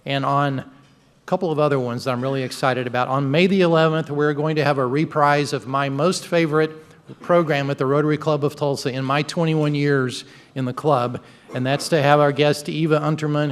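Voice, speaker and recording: A man's voice: a little high, fairly even intonation, a little fast. A man, the club president, giving upbeat, joking announcements at a meeting. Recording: long reverb of a large hall.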